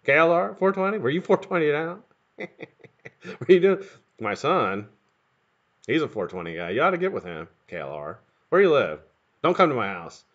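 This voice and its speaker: Man, middle-aged, live-stream host, profane rambling banter, lively swooping pitch, dull lo-fi sound. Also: normal speed, long pauses. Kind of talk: casual live-stream chat greeting viewers.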